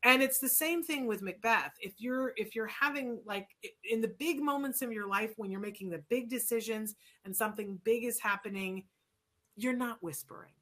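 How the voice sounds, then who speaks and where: Bright-voiced woman hosting a chat show. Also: a little high, moderate pace. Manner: opinionated, rambling with restarts. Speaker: show host. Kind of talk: casual chat.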